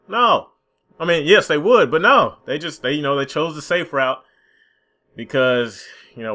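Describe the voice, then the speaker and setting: A man's voice: a little high, bright, forceful tone. A young man in a gaming commentary vlog, frustrated and profane, mocking the companies as he rants. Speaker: gaming YouTuber.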